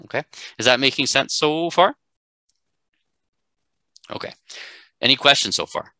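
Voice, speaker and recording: A man teaching a live class speaks a little slowly in a medium-pitched, bright, forceful voice. Emphatic and conversational, he keeps checking in with "right?"; the recording is rough with no echo.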